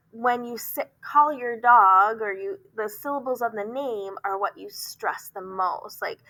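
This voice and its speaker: A woman teacher explaining phonics, often pausing with "um" and sounding words out slowly. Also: mid-range voice, pushed and bright, low-quality recording. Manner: explanatory, frequent "um" fillers, slow demonstrations of words.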